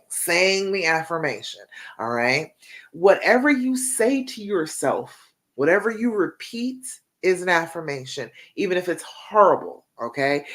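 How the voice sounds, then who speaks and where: A woman coach on a live stream, giving encouraging instructions in an emphatic, repetitive way and ending many points with "okay?". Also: on the low side. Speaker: relationship coach.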